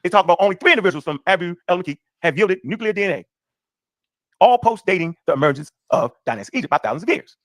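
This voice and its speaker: A man's voice: sits high, no echo, clean studio sound. A man reading an article aloud and riffing on it in casual reaction commentary. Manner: rapid, animated, reads aloud and riffs.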